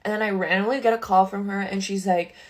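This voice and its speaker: A woman's voice: medium pitch, fairly even intonation, quick pace. Chatty young woman telling a storytime. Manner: chatty, fillers of 'like', indignant asides. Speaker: social media creator. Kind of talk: casual storytime monologue. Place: bedroom at a makeup table.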